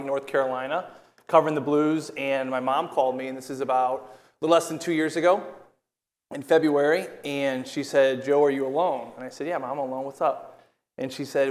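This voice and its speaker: A hockey broadcaster telling a personal story on an event stage before a live audience, earnest and reliving past conversations. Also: male voice, medium pitch. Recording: long hall reverb from a live event.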